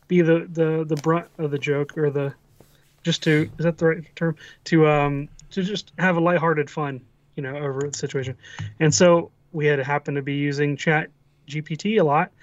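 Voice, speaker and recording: A man co-hosting a podcast who reflects in a relaxed, meandering way. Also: a little high, dry recording, muffled recording. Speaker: podcast co-host. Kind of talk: casual chat.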